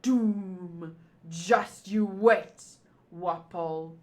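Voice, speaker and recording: A woman's voice: on the low side, very slow, darkish tone, voice pushed down. A woman voicing a grim, brooding male warrior who speaks in a grave, solemn tone.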